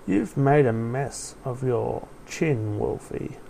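Man reading as a calm wolf-man pack leader, gravelly, dark, slow and hypnotic for an audio story. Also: mid-range voice, a little hiss or hum. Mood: coaxing. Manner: slow, soft, soothing and hypnotic.

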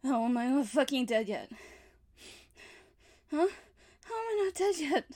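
A woman's voice: high-pitched, sing-song, unhurried, darkish tone, exaggerated voice. A woman playing a desperate bound captive who cries, pleads and taunts her captor with bitter laughter. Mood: weary bitter. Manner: sobbing pleas mixed with bitter laughing taunts. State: crying.

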